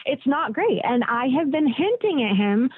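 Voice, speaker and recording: A woman's voice: high voice, very animated, normal speed, husky, no room sound. A woman calling into a radio show, telling her story hesitantly with many fillers and nervous laughs. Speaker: caller. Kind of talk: telling a story on a phone call. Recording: tinny phone line.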